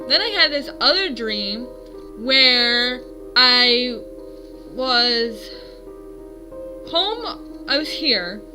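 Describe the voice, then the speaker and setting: A woman's voice: on the high side, lively intonation, drawn-out words, pauses often, music in the background, rough recording. A woman in her twenties at home, telling her dreams in a rambling, self-correcting casual vlog. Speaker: vlogger.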